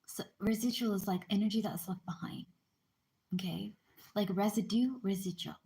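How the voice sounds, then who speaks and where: A woman's voice: medium pitch, normal speed, vocal fry, mellow. A woman reading a book aloud in a casual, chatty way, stopping now and then to explain terms and apologize. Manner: informal, breaks off to explain and apologize.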